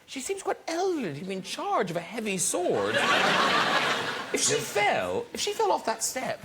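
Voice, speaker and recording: Brief: high, very animated woman joking, noisy background. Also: normal speed. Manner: giggling, joking. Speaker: talk show guest. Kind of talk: casual chat.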